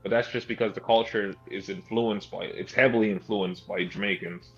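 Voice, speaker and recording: A man's voice: fairly low pitch, steady tone, moderate pace, highs cut off, soft background music. A man from Toronto in casual group chat, talking frankly and swearing casually. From Toronto, Canada.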